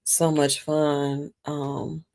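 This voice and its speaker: A woman's voice: low voice, flat delivery, very slow, vocal fry, a little mellow. A woman from Detroit co-hosting a casual podcast with her husband, chatty and upbeat though a bit sleepy. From Detroit, Michigan. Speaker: podcast co-host. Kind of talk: casual chat.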